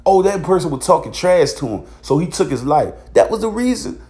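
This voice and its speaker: A man's voice: high-pitched, big pitch swings, a little fast, warm tone. A man, ranting bluntly in a heated, profane vlog commentary. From Virginia, USA. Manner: repeats filler tags. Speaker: vlogger. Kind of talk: angry commentary monologue.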